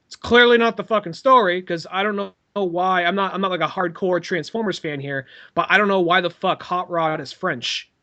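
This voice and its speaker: A man's voice: high-pitched, normal speed, hardly any pauses, sharp tone, muffled recording. A man co-hosting a podcast, talking casually in a loose, rambling way with swearing. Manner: rambling, swears, puts on silly voices. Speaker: podcast host. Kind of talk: casual chat.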